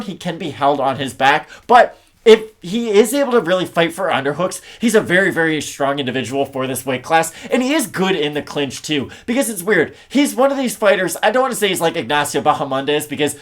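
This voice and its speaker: Male podcast co-host, lively pitch, chatty and reflective. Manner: conversational, reflective, uses everyday analogies. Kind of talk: casual podcast analysis.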